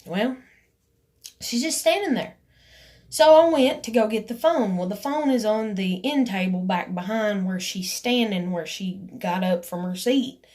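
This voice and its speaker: A woman's voice: mid-range voice, a little slow. A woman in her room at home, telling a heated personal story, swearing casually and acting out what was said. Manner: animated, riled up, swears casually, lots of "I was like" quoting. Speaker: vlogger.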